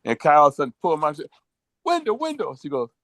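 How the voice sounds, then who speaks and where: A man's voice: a little high, fairly even intonation, racing, fairly bright tone, dry recording. A middle-aged man co-hosting a casual podcast over a video call, telling rambling, sentimental stories. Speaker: co-host.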